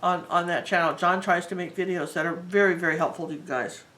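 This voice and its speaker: A woman's voice: lowish voice, fairly even intonation, fast talker, low-quality recording. A woman teaching a live painting tutorial, talking in a chatty and rambling way as she works. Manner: chatty, rambling and warmly enthusiastic. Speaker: art teacher.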